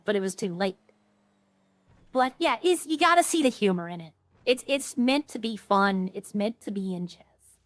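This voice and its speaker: A woman streamer talks casually while she plays, rambling from one story to the next. Her voice sits a little high. The sound is close and dry. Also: normal speed, dry recording. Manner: rambling, chatty, animated when retelling stories. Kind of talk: casual chat while streaming a role-play game.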